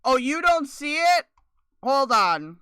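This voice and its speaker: A woman's voice: sits high, very animated, slow, a bit bright, dry recording. A woman streamer chatting casually and sarcastically, rambling and swearing as she reacts to another live stream. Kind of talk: casual livestream chat.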